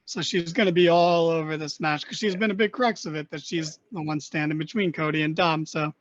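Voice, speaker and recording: A man's voice: on the high side, fairly even intonation, brisk, dry recording. Easygoing man on a dull, dry mic. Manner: agreeable, runs the talk, hands the mic to others. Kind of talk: casual chat.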